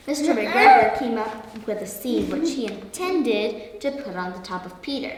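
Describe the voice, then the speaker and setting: A woman reading a children's story aloud, slow and expressive. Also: fairly high pitch, a little hiss or hum. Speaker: story reader. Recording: echoey hall, far from mic.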